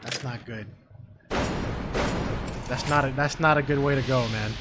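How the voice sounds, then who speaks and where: A male streamer casually commenting on a game and reading its dialogue aloud, swearing and joking in quick asides. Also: medium pitch, fairly even intonation, a little hiss or hum. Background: loud game music.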